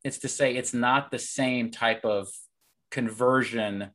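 A man's voice: mid-range voice, fairly even intonation, slow, a bit bright. A man hosting a casual faith conversation, sharing anecdotes reflectively and correcting himself as he goes.

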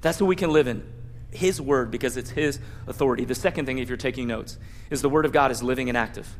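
A man preaching a sermon as pastor, animated, playfully acting out prayers and Bible scenes. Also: medium pitch, fast, big-room sound, a little hiss or hum.

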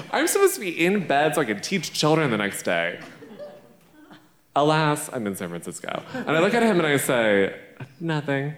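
A man, a drag performer, telling a playful, brash and profane story live on a theater stage. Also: mid-range voice. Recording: echoey theater stage recording.

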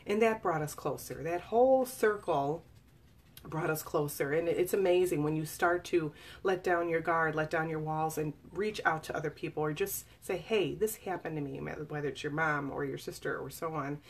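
A woman's voice: deep voice, moderate pace. A woman in her forties sharing a personal story in an earnest, confiding way, speaking casually with fillers and restarts. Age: 40s. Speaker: author reading and discussing her memoir. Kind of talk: personal testimony, casual live talk.

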